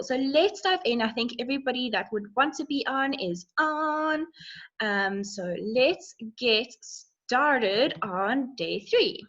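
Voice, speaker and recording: A woman's voice: fairly high pitch, measured pace, fairly bright tone, lo-fi sound. Bubbly woman hosting a live stream. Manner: bubbly, greets viewers by name. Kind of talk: casual live stream chat. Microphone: phone.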